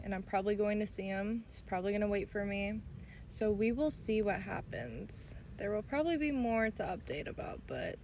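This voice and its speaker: A woman's voice: medium pitch, slight background noise. Young woman, blunt and fed up, casual vlog, faint ambience. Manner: exasperated, blunt.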